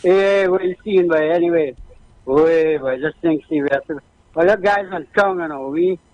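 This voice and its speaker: A man's voice: on the high side, normal speed, a little mellow, no room sound, low-quality recording. A man calling into a radio show, cheerful and laughing as he talks. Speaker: caller.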